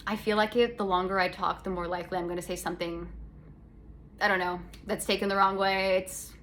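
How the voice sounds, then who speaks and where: A woman's voice: medium pitch, fairly even intonation, brisk, a bit bright, a little hiss or hum. A young adult woman from Canada, hosting a casual solo podcast chat in a sarcastic, rambling way with lots of self-corrections. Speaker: podcast host. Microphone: phone.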